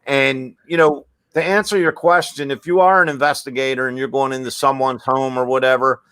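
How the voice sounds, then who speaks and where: A man, a paranormal investigator guest, explaining his methods deliberately in casual podcast chat. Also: mid-range voice, fairly even intonation, a bit bright, smooth, no room sound, clean studio sound.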